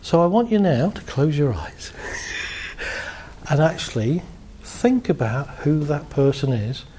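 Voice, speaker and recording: A man working as a therapist, calmly guiding a group through a visualization exercise and laughing lightly between points. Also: fairly high pitch, slow, a little hiss or hum.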